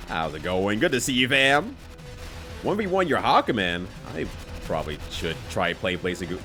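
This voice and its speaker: Lively, laughing man streaming a game. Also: mid-range voice. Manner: chatty, laughs often, talks to chat while playing. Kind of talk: casual gameplay commentary.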